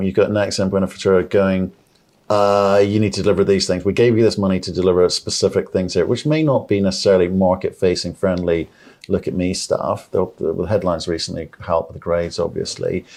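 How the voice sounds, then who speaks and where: A man's voice: sits low, fairly even intonation, a little fast, a little mellow. A man interviewing a company executive in a conversational interview, asking probing, pushy questions.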